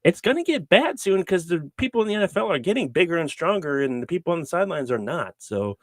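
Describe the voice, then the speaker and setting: A man's voice: a little high, very animated, quick pace, no room sound. A man co-hosting a casual sports podcast, ranting in an exasperated way. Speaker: podcast co-host.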